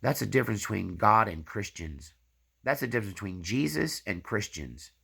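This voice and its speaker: A man's voice: lowish voice, expressive, normal speed, vocal fry, bright, forceful tone, breathy edge. A man hosting his own channel, giving a rambling personal faith testimony full of tag questions. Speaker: channel host.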